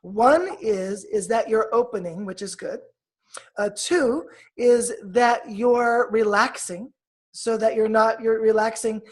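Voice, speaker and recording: A woman with a fairly high voice talks as a healer guest in an interview. She coaches in a soft, measured tone, slowing down to guide the listener. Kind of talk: guided meditation and explanation.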